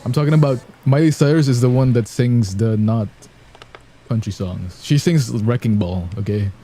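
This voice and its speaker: A man chatting playfully to viewers, joking around and laughing often. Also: normal speed. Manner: playful and joking, sings snatches of songs badly on purpose; laughs often, gets loud and high when amused. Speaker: streamer reacting to videos. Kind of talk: casual chat to viewers.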